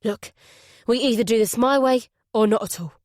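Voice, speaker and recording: A woman reading a male detective inspector, firm and urgent but polite. The voice sits fairly high for a man and is recorded dry and close. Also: moderate pace, a little mellow, no echo, close to an everyday voice. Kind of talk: audiobook character voice.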